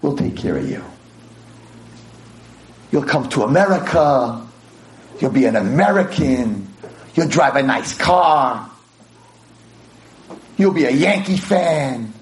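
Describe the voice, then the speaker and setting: A preacher voicing the nations of the world, coaxing and promising, rising into shouts. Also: male voice, mid-range voice, animated, slow pace, pauses often, low-quality recording. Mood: coaxing, shouting. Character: the nations, coaxing Jews to assimilate.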